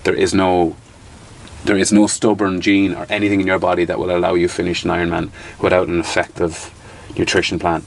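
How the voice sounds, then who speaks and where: Low, flat-voiced Irish man. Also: a little fast, vocal fry. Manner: animated, restarts sentences, occasional swearing. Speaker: interview guest. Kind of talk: casual storytelling interview.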